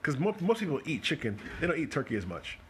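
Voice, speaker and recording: A man's voice: a little high, sing-song, a crowd in the background. A man hosting a live stream, chatting casually and joking while he breaks down bowling shots. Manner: chatty and joking, talks fast in spurts. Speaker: host of a bowling coaching show. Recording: live stream with faint noise.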